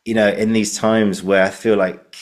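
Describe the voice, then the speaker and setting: A man hosts a relaxed podcast chat in a very deep voice. He wanders through his points with plenty of "you know" and laughs as he retells jokes. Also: normal speed. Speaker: podcast host. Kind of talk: casual podcast conversation.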